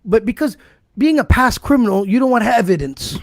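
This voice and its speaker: Podcast co-host, male, high and gravelly, swears freely, laughs through his stories. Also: lively intonation, normal speed, no room sound. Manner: profane, laughing storyteller. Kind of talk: casual podcast chat.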